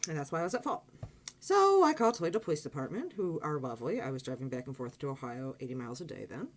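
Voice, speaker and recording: A woman casually telling a personal story on her vlog, animated and blunt, acting out quotes and swearing freely. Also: fast talker. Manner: animated, swearing, acts out quotes in high excited voice. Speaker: vlogger.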